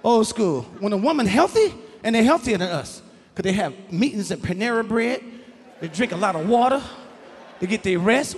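A middle-aged male stand-up comedian on stage, loud and profane, breaking into shouted bits. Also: very high-pitched, big pitch swings, a little fast, in a large hall. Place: comedy stage before a live audience.

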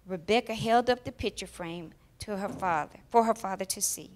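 A woman's voice: mid-range voice, normal speed, hardly any pauses. Woman reading a children's story expressively. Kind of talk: children's story read aloud in church.

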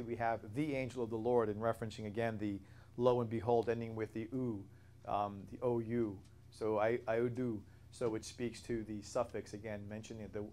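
A man's voice: fairly low pitch, darkish tone, slight background noise. A man leading a Bible study class, explaining in an earnest way with frequent restarts and self-corrections.

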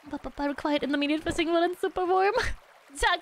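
High, playful young woman streamer. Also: brisk, pauses often, soft background music. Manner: playful, giggly, hums little nonsense syllables. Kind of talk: casual live game-stream chat.

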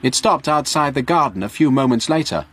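A man narrating a graded English story for learners in a slow, clear reading voice. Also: medium pitch, expressive, a bit bright, soft background music.

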